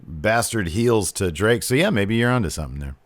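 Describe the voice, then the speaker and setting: On a wrestling review podcast, a co-host chats casually, laughs readily, and drifts off into tangents. His voice leans low and is expressive, and he speaks a little fast.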